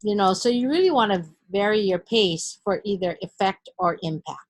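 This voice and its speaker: A middle-aged woman instructor talking through a recorded lesson in a clear, deliberate teaching manner. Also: medium pitch, animated.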